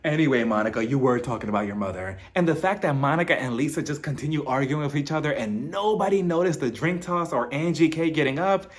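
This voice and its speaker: A man giving a casual recap of a reality show, animated and sassy, acting out quotes and laughing often. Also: a little high, fast, few pauses.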